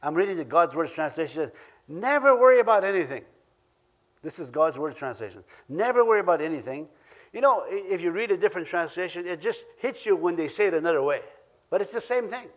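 High-voiced preacher with an Ojibwe accent. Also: male voice, very animated, fast. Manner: earnest, repeats key phrases for emphasis, chuckles between points. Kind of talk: sermon.

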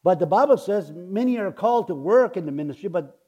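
A man preaching a sermon to his congregation, swinging between loud exclaiming and low confiding asides, with stammering restarts and chuckles. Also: animated, fairly quick, husky.

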